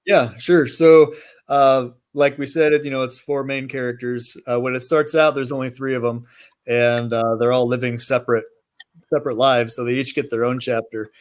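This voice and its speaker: A man's voice: medium pitch, fairly even intonation, normal speed. Man explaining steadily as guest author. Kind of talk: interview answers.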